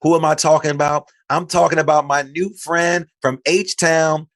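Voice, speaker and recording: A man's voice: fairly high pitch, fairly even intonation, normal speed, a bit bright, no echo, studio quality. A man from Chicago hosting a podcast, chatting casually and playfully as he talks up his guest. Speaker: podcast host. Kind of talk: casual interview chat. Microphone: studio mic.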